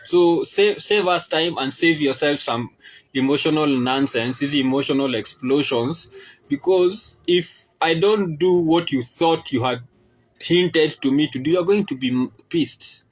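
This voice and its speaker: A young Kenyan man with a Kenyan accent, switching between English and Swahili in a casual opinion monologue. He talks in an animated, exasperated way. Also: a little high, a little slow, low-quality recording. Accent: Kenyan English with Swahili and Sheng code-switching. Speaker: podcast host.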